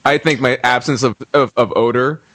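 A man's voice: mid-range voice, steady tone, moderate pace, a bit bright, no room sound. A man co-hosting a casual chat show, joking and playful. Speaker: podcast co-host.

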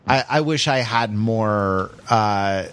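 A man's voice: lowish voice, takes it slowly, fairly bright tone, a little hiss or hum. A man hosting a casual podcast, reading listener comments aloud with many fillers and restarts. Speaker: podcast host.

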